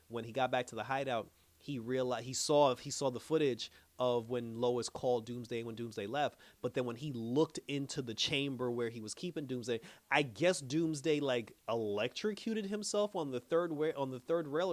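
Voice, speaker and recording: Male reviewer, mid-pitched, loose storytelling recap, dry close sound. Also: no room sound. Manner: retells scenes with lots of "she was like" quotes, chuckles often. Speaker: show reviewer. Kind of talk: casual recap.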